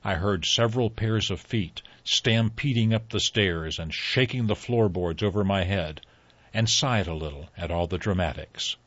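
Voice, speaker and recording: Male storybook reader, low and husky, measured; dry, dull lo-fi recording. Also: fairly bright tone, dry recording. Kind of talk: reading a folktale aloud.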